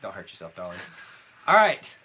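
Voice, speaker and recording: A man's voice: low voice, huge pitch swings, normal speed, sharp tone, husky. A man co-hosting a live trivia night, reading out scores and teasing his co-host in a casual chat.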